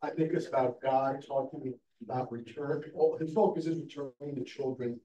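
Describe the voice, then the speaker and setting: A man's voice: medium pitch, fairly even intonation, moderate pace, warm tone. A man taking part in a study class discussion, challenging the teacher's reading with a view of his own. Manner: challenging, argues a counter view. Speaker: class participant. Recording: roomy, distant mic, faint noise.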